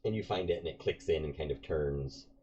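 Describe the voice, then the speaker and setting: Super deep gravelly guy running a tabletop game, rambles a lot, dull lo-fi mic. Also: a little fast, mellow. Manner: rambling, many fillers and restarts. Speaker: game master. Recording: dull lo-fi recording with faint noise.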